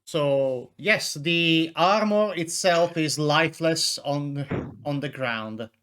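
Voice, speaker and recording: Male dungeon master, bright and forceful tone, halting delivery full of fillers. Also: fairly high pitch. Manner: hesitant, full of fillers, rules-focused. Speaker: game master. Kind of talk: running a tabletop game.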